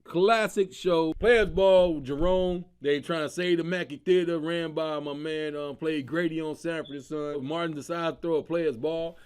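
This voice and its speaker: A man's voice: a little high, normal speed, few pauses, smooth. A man hosting his own comedy show, talking casually and with lots of slang, often laughing as he riffs. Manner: animated, slangy, breaks into laughter. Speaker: comedian host.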